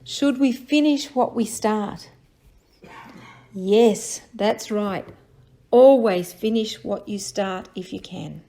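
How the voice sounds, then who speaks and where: A woman's voice: mid-range voice, slow, warm tone. A woman reviewing a story with young children, asking questions and encouraging their answers. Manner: encouraging, sing-song tag questions. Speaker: children's teacher.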